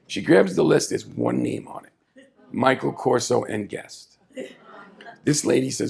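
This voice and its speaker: Gravelly man telling a story. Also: mid-range voice, a little slow. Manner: animated, chatty, asides to the audience. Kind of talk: live storytelling performance. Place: small café stage.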